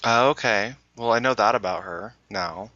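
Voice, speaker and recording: A male co-host in casual chat, excitable, gasping and laughing often. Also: mid-range voice, moderate pace, creaky, a little hiss or hum. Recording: dull lo-fi sound.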